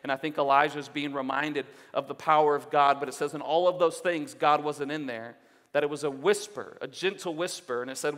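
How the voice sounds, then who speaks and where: A man's voice: on the high side, fairly even intonation, fairly quick, fairly bright tone, big-room sound. A male pastor preaching a sermon in an earnest, exhorting way, repeating phrases for emphasis. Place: church sanctuary.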